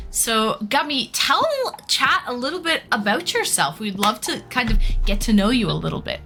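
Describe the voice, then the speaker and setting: Bright high-ish woman from liverpool chatting on stream, faint music behind. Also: very animated, measured pace. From Liverpool, England. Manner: chatty, greets viewers by name. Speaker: livestream host. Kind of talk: casual livestream chat. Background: faint background music.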